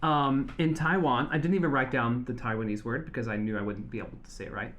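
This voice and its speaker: A podcast co-host presenting an animal topic in casual chat, chatty and quick to giggle. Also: medium pitch, fairly even intonation, fairly bright tone, lo-fi sound. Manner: chatty and giggly, with frequent fillers.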